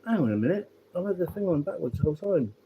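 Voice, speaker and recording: A man's voice: high-pitched, fast. Sweary man on a tinny line. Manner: sweary, relaxed, rambling with restarts. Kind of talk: casual rambling storytelling. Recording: tinny phone-like sound with faint background noise.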